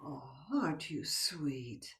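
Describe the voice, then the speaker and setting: A woman's voice: rumbling low, animated, takes it slowly, a bit bright, heavily acted. A woman playing a coquettish married woman in a stage play, teasing and dropping to whispers. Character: coy married woman playing a seductive game. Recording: echoey room, from a distance.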